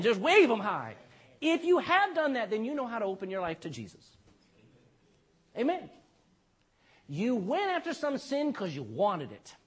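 A man's voice: high voice, wildly swooping pitch, normal speed, slightly rough. A man preaching a sermon in an emphatic style, often tagging lines with "amen" and asking the congregation questions. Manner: emphatic, repeats "amen" and "you know". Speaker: pastor.

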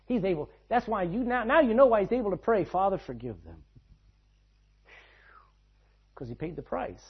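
A man preaching a sermon, swinging between loud, driving lines and hushed, quiet ones. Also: sits high, lively intonation, fast, slightly rough. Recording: dull lo-fi sound.

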